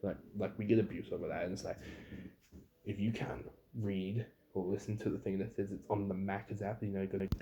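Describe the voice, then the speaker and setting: A young man, a fast food worker, bluntly ranting with swearing about rude customers in a casual story. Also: low voice, steady tone, gravelly, mellow, muffled recording, a little hiss or hum.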